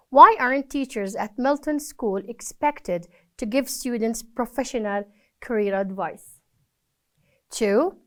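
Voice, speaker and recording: Woman, English teacher, high smooth voice, patient and encouraging with students. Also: fairly bright tone. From Palestine. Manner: patient, encouraging, gives praise after each answer. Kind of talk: recorded classroom lesson.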